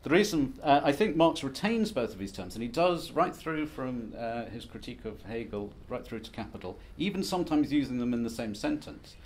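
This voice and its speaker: A man's voice: mid-range voice, lively intonation, a little fast, hardly any pauses. A man giving a conference presentation as an academic, lecturing in a wry, self-deprecating, conversational way. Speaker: academic speaker.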